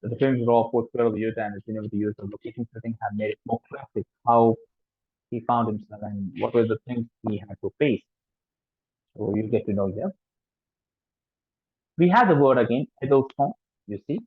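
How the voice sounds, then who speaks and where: A man with an Indian English accent lectures on French language and film, stopping often to restart his sentences. His voice sits at an average pitch. The recording is tinny and dry, like a phone line. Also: brisk, long pauses, husky, dry recording. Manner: hesitant, many fillers and restarts. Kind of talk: informal lecture.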